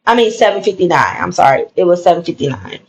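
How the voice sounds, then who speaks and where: A woman's voice: lowish voice, fast, low-quality recording. Emphatic woman telling a story. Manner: animated, emphatic retelling with repeated phrases. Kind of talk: casual storytelling.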